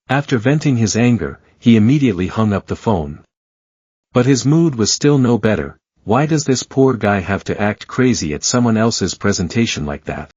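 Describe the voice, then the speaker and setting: A man reads a story recap in a steady, even narration. His voice sits low with a husky edge. The recording is dull and dry, with no room sound. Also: moderate pace, no echo.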